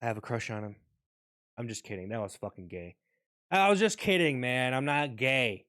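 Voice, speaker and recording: A young man rants casually on his vlog, rambling and swearing freely as he restarts his thoughts. His voice is smooth and resonant at a mid pitch. The recording is dry and close. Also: big pitch swings, moderate pace, fairly bright tone, dry recording. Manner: rambling, profane, restarts often. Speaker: vlogger. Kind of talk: casual rant.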